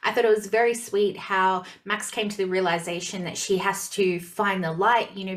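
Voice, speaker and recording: A woman's voice: mid-range voice, a bit bright. A woman reviewing a TV show in casual chat, emotional and gushing, often repeating words for emphasis.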